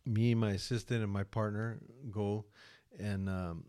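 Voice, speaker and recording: A man from California telling a story on a podcast as a guest, casual, profane and animated, slipping into quoted voices. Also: on the low side, measured pace, clean tone.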